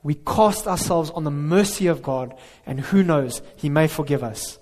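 A man's voice: fairly high pitch, normal speed, a little mellow. A man preaching a sermon, earnest and emphatic, with rhetorical questions. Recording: reverberant hall.

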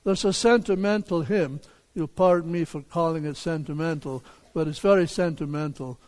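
An older man, a pastor, preaching a sermon in a deliberate, emphatic way, with rhetorical questions for the congregation. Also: a little high, darkish tone. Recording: long hall reverb.

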